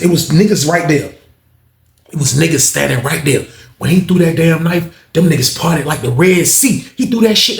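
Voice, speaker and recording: A man telling a prison story in casual, animated fashion, acting out everyone's voices with heavy slang. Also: fairly high pitch, creaky, echoey room.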